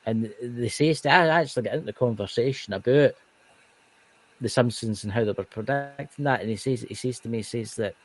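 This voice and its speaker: Scottish guy chatting casually, tells stories in a rambling way, mid pitch. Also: fairly quick, rough recording. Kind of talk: casual chat.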